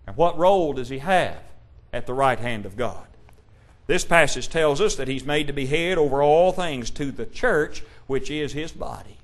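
A man preaching a sermon, asking the congregation rhetorical questions and quoting old-style scripture, shifting between loud emphasis and hushed tones. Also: medium pitch, expressive, moderate pace. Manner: King James scripture quotations.

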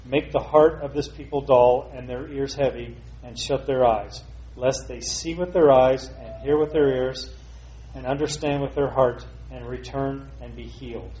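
Male reader, slow measured scripture reading, warm dark tone, lo-fi dull sound. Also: mid-range voice, fairly even intonation.

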